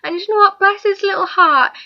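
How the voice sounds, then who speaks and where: A woman's voice: extremely high pitch, a little fast. A young woman chatting casually to camera, rambling and giggling as she talks. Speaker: vlogger. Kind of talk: casual chat. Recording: dull lo-fi recording.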